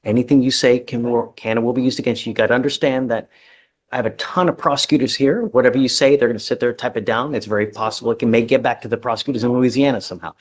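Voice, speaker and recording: Husky-voiced blunt judge. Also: male voice, medium pitch, fairly even intonation, rapid-fire. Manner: blunt, direct, lecturing. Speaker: criminal court judge. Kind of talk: courtroom bail hearing. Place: courtroom.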